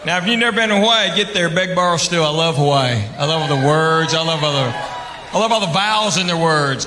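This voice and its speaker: A man with a Southern US accent doing stand-up comedy on a club stage, telling stories in a deadpan drawl and acting out the quotes. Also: high-pitched, fast talker, noisy background. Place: comedy club stage before a live audience. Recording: roomy live venue with audience laughter.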